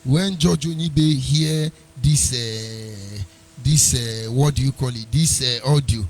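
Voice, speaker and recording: A man's voice: medium pitch, takes it slowly, darkish tone. A man hosting a live internet radio talk show, combative and mocking, breaking into sing-song asides. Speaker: radio host.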